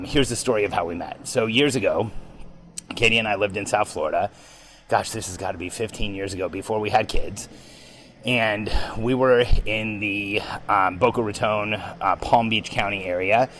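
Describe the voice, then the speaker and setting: Guy podcaster telling a story, fairly low voice, gets excited, says um a lot. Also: low-quality recording. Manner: animated, excitable retelling with frequent ums. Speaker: podcast host. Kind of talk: storytelling monologue.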